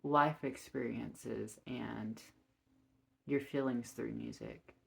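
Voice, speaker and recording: A tarot reader talking to camera at an unhurried pace, voice often settling into a gravelly creak. The delivery is gentle and full of soft ums, gushing with encouragement and quick to laugh. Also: mid-range voice, steady tone. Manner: slow and gentle with frequent ums, warmly encouraging. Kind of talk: casual tarot reading to camera.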